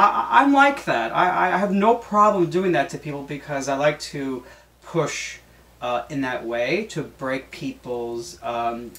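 Male sub host, rambling conversational delivery, mid pitch, recorded at a distance in an echoey room. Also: a bit bright. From Greek heritage. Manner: chatty, halting, many fillers and restarts. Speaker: substitute host. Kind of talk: casual solo talk.

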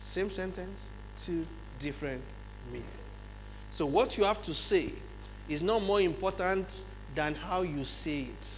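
A man with a Nigerian English accent giving a lively leadership seminar talk in a large church hall, often checking in with his audience. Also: high voice, a little slow. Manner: acts out examples in changed voices. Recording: long hall reverb, faint mains hum.

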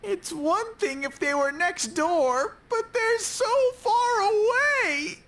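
Male actor as childish bear mascot for a game dub: squeaky-high, bouncy, eager. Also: lively intonation, slow pace, bright, forceful tone, heavily acted. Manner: bubbly, eager, sing-song. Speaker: game character. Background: game music.

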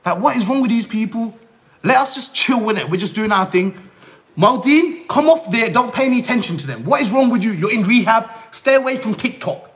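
Brash young man, high lively voice. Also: brisk. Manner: brash, keeps repeating himself to cut in. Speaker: livestreamer. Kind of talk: casual live stream chat.

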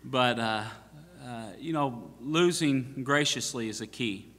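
A man's voice: medium pitch, slow pace, a bit bright. A man preaching as a pastor, telling a story with self-mocking jokes and many fillers and restarts. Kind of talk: storytelling from the pulpit. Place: church sanctuary. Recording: long church reverb.

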